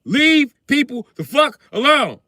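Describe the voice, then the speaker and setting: A man putting on the voice of an exasperated parent yelling at an unruly son, high and shrill with scolding shouts. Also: sing-song, unhurried, dry recording, full character voice.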